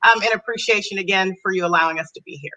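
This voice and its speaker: A woman's voice: mid-range voice, very fast, sharp tone, low-quality recording. A woman guest from a sorority chapter speaking earnestly and graciously on a video-call podcast. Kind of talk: casual live broadcast chat.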